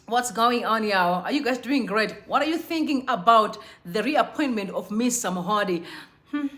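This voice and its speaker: A young woman from Zimbabwe hosts a live stream with a high, bright and crisp voice. She chats in a bubbly, animated way, greeting viewers one after another. Her tone is casual and friendly. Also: normal speed. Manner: bubbly, chatty, shouts out viewers by name. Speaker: livestream host. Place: Johannesburg.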